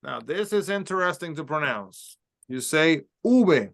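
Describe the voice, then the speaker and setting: A man teaching a Spanish class, slowly sounding out letters and words for his students to repeat. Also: fairly high pitch, expressive, gravelly. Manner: slow, carefully sounds out letters and words for repetition. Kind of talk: classroom language lesson.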